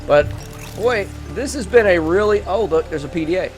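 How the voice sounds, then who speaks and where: A man with a high voice hosts a gaming channel, giving let's play commentary alongside a movie review. His pitch swings widely as he jokes with his viewers and gets excited over the game, with faint music playing behind him. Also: moderate pace. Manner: jokey and excitable, talks to viewers directly.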